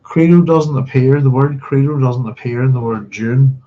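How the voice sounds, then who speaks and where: Here a man's mid-range voice moves at normal speed as he runs a casual book club livestream. He's chatty and apologetic, humming as he digs through his notes, and the recording sounds slightly dull and lo-fi.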